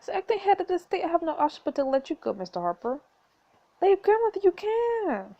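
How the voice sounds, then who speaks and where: A woman's voice: very high-pitched, very animated, brisk, highs cut off, pitched above the performer's own voice. A woman voicing a stern, formal elderly countess who is the heroine's grandmother in a story game.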